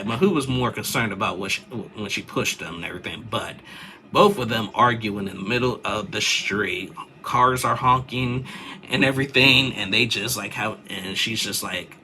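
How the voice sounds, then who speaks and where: A man's voice: on the low side, bright, forceful tone, slight background noise. A young man chatting casually as he recaps a reality show, rambling with lots of fillers and restarts.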